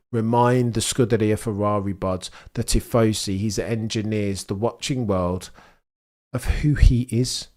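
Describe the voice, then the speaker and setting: Exasperated man commentating a race. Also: lowish voice. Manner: exasperated, swings from animated to deflated; informal, slangy, sarcastic. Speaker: streamer commentating a race watchalong. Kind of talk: live race commentary to chat.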